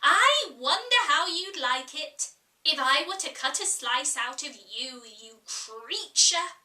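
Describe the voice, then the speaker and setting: A woman's voice: high voice, lively intonation, slow pace, bright, forceful tone, distant mic, full character voice. A woman voicing an offended talking plum pudding with a thick, suety voice. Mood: indignant. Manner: indignant. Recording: echoey room, voice off-mic.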